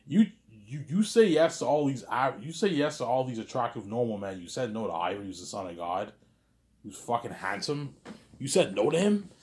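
A man's voice: medium pitch, expressive, normal speed, darkish tone. A young man talking alone in a rambling, boastful way, often repeating himself and stumbling over words. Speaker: vlogger. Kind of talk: rambling solo monologue.

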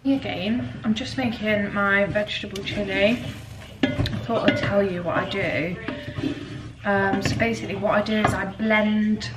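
Chatting casually to camera in her home kitchen, a young woman vlogger gushes and rambles with plenty of "like"s. Her voice is mid-range, and there's background noise.

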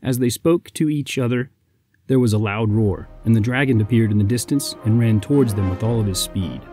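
A man narrating a legend as a podcast storyteller in an even, scripted delivery. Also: fairly low pitch, a little fast, soft background music.

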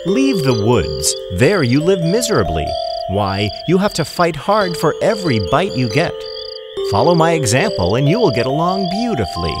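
A man's voice: a little high, wildly swooping pitch, normal speed, loud music behind the voice. A man voicing a boastful, well-fed house dog in a children's fable.

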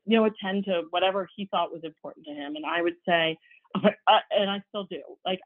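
A middle-aged woman presents a workshop in a conversational way. She tells stories and acts out the dialogue she quotes. Her voice sits at a middle pitch and comes through a dry, tinny line that sounds like a phone. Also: normal speed, no echo. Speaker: workshop speaker. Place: home office.

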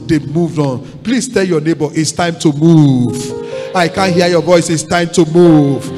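Nigerian preacher man, high voice, calls on the church to say it back, faint music in a reverby hall. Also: unhurried. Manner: exhorting, repetitive call-and-response with congregation. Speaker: pastor. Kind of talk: sermon.

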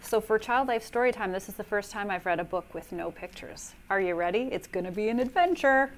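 A woman's voice: mid-range voice, lively intonation, a little fast, slight background noise. A woman, a child life specialist, reading a children's book aloud in a playful way, hamming up silly words with gasps and mock dismay.

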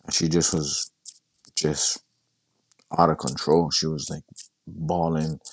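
A young man casually telling a personal story in a halting way, often repeating himself and quoting what he said. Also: very deep voice, level tone, no room sound. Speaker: guest sharing his story.

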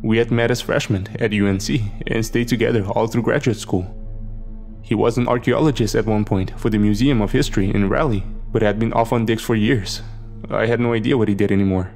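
A man's voice: on the low side, fairly even intonation, brisk, creaky, a little mellow, faint music behind. A man narrating a first-person horror story in a dry, sardonic way.

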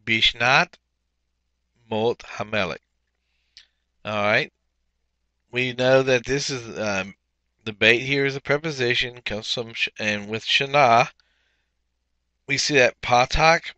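A man's voice: on the low side, bright, forceful tone, dry recording. A man teaching a language workbook lesson, explaining step by step with frequent fillers. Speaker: Hebrew teacher.

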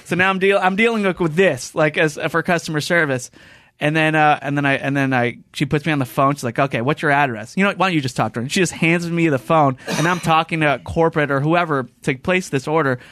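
A man's voice: fairly high pitch, fast. A man hosting a casual podcast chat, telling stories animatedly and acting out the voices of the people in them. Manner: animated storyteller, acts out quotes. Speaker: podcast host. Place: podcast studio.

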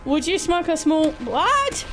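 A young woman chatting casually and bluntly with her viewers, crude and quick to giggle. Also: fairly high pitch, music in the background. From Britain. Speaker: gaming livestreamer. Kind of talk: casual chat answering viewer questions.

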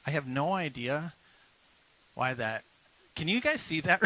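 A male pastor preaching a lively sermon at a church service, urging the congregation to repeat phrases after him. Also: a little high, a little slow, no room sound, low-quality recording.

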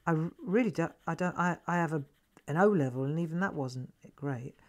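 A middle-aged woman hosting a live craft lesson, chatting gently and coaxing viewers to relax as she demonstrates. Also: low-pitched, a little fast.

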